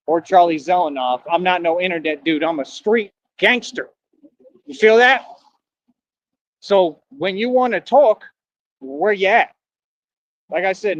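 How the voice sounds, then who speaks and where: A man's voice: high-pitched, dry recording, muffled recording. A man livestreaming outdoors from the street, ranting in a boastful, taunting way, full of slang.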